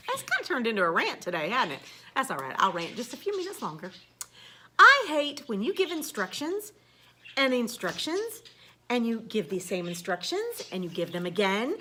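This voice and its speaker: Woman teacher, bright high voice, sarcastic rant. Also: a little hiss or hum. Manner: sarcastic, blunt, swears. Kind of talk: casual ranting vlog.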